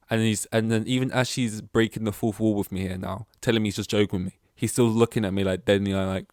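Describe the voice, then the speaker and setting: A man with a lowish voice rambles through a solo podcast episode and pokes fun at himself. He swears casually as he talks. The sound is dry and close. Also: fairly even intonation, fast, hardly any pauses, a little mellow, no echo. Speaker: podcast host.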